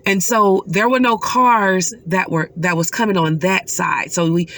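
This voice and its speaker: A middle-aged woman, a mother, telling a personal story in an earnest, emotional way with pauses. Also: lowish voice, expressive. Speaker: mother recounting a dream.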